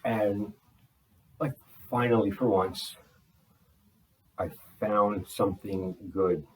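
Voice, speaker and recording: A man talking in a rambling video journal, holding back a restless energy and slowing himself down on purpose. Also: on the low side, steady tone, recorded from a distance, low-quality recording. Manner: restless, deliberately slowed and restrained delivery; frequent fillers and restarts. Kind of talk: rambling personal journal talk. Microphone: laptop.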